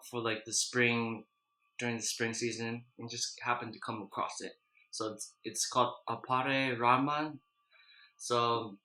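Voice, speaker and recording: A man casually chatting while eating spicy noodles, clearing his throat and sniffling, then recapping an anime in a loose, rambling way. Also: mid-range voice, sharp tone, roomy sound, rough recording. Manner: chatty, loose, with frequent restarts and "you know". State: runny nose from spicy food, clearing throat. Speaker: mukbang vlogger.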